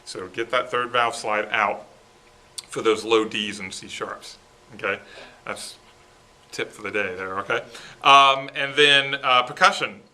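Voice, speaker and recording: Bright-voiced man coaching a school band. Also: mid-range voice, unhurried, long pauses. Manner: coaching, sings parts with syllables; keeps checking in with okay. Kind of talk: rehearsal instruction.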